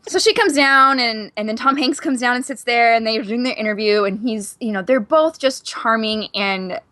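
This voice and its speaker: Excitable gushing woman, higher voice. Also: moderate pace, no echo. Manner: gushing, excitable storyteller who acts out quotes. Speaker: podcast co-host. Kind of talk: casual chat, telling an anecdote.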